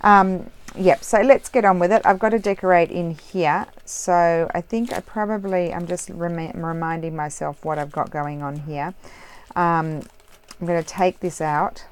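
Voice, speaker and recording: Woman, low voice, casual crafting tutorial, rambling, self-correcting, home craft room. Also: a little hiss or hum. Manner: rambling, with many self-corrections and trailing asides. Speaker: crafting vlogger.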